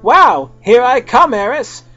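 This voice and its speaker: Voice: medium pitch, big pitch swings, slow, bright, forceful tone, highs cut off, soft background music, voice pushed up, full character voice. A podcast reader voicing a gloomy, bloodthirsty man in a comic fan-fiction reading.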